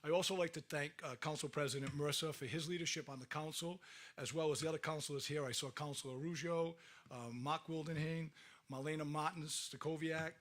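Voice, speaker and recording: Mayor projecting to an outdoor crowd. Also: male voice, on the high side, steady tone, a little fast. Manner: loud, thankful, listing names. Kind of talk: speech at a public ceremony.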